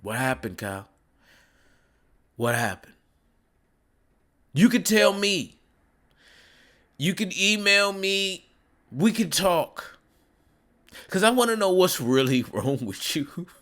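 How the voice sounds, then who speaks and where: A man in a mocking, scolding commentary rant. His voice sits a little high and swings widely in pitch. He takes his time, drawing out each insult. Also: lively intonation, slow pace, long pauses, a bit bright. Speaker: commentary vlogger. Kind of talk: ranting commentary.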